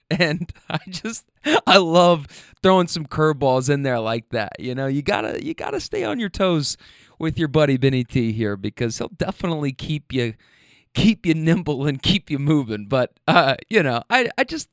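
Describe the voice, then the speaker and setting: A man's voice: a little high, a bit bright, dry recording, clean studio sound. A man hosting a show, chatting loosely about clips he plays and laughing often between his rambling asides. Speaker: host reacting to clips. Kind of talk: casual commentary.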